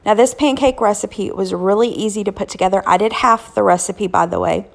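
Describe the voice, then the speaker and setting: A woman in her thirties or forties, a cooking channel host, hoarse from illness, chatting casually with lots of ums as she walks through weeknight dinners. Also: mid-range voice, a little fast, faint music behind. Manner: chatty, homey, frequent "um" fillers. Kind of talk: casual cooking vlog narration.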